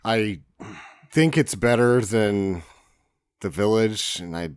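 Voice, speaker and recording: A man co-hosting a podcast in casual chat, dry and deadpan. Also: on the low side, takes it slowly, clean tone, no room sound. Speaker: podcast co-host.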